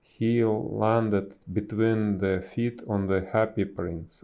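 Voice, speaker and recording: Guy reading a storybook, slow n careful, deep mellow voice. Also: steady tone.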